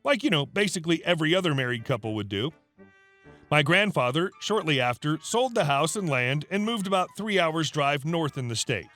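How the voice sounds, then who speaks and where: A man reading stories aloud as a narrator, with expressive, animated delivery. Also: a little high, fairly quick. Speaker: story narrator. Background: faint background music.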